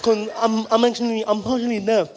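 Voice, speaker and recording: A man doing a pushy, high-voiced athlete fan. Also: level tone, a little fast, a little mellow, lightly acted. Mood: eager. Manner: insistent, teasing, laughing. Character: blunt cheerful male athlete fan, pushy.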